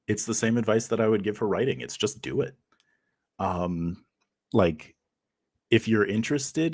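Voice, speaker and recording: A man's voice: on the low side, a little mellow, no room sound, clean studio sound. A man speaking as a guest game master over a video call, upbeat and joking. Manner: upbeat and joking, laughs easily. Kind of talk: casual interview chat.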